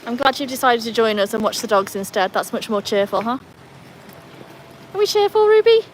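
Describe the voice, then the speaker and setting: A woman from Wales chatting casually with livestream viewers outdoors by a pool, breaking off to scold and cheer her dogs in a high sing-song voice. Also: fast, slight background noise. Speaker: livestream host.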